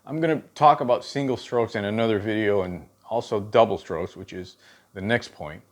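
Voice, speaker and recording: A middle-aged man teaching drum technique in a relaxed, conversational way, often checking in with a quick "okay?" while counting out patterns. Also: on the low side. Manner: casual, checks in with frequent "okay?" asides. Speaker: drum instructor. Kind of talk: spoken drum lesson with demonstrations.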